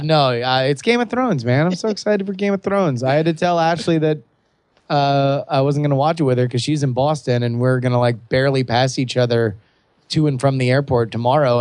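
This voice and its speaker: A young adult man co-hosting a podcast, chatting casually and excitedly with many restarts. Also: mid-range voice, fairly quick, no room sound. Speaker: podcast co-host. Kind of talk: casual chat.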